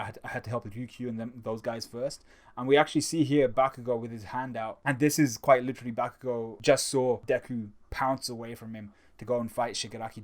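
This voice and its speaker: Male host of a manga review video. Chatty and excitable, restarts a lot. Mid-range voice. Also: medium pitch. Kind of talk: casual manga chapter review.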